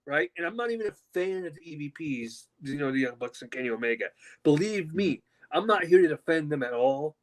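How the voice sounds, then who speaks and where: A man co-hosting a podcast from home, ranting loudly and angrily with a lot of swearing. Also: on the high side, a little hiss or hum, low-quality recording. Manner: loud, profane, animated ranting. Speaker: podcast co-host. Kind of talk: heated podcast rant. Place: at home with his dog.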